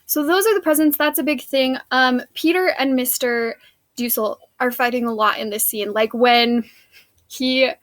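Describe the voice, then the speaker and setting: A woman's voice: sits high, fairly even intonation, moderate pace, a bit bright, no echo. A woman teacher, recapping a play scene for her students in a casual, chatty way with many fillers.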